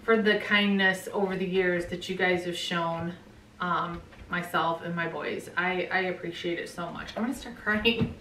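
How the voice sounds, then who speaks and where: A middle-aged woman vlogging at home, gushing over gifts and often dropping into a hushed whisper. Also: lowish voice, fairly even intonation, moderate pace, far from the mic, slight background noise. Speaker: pet vlogger. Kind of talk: casual vlog, unboxing gifts. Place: bedroom at home. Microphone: camera mic. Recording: roomy home audio, slightly off-mic.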